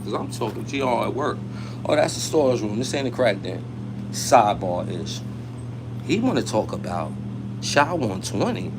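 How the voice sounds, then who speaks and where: In a mid-range voice against background noise, a man offers casual vlog commentary in street slang, holding his phone as he walks around his workplace and switching topics freely.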